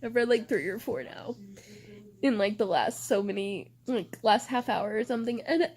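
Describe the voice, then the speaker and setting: Young woman, higher-pitched voice, casual book vlogger who curses freely and rants about her reading. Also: moderate pace, darkish tone. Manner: ranting, swears freely.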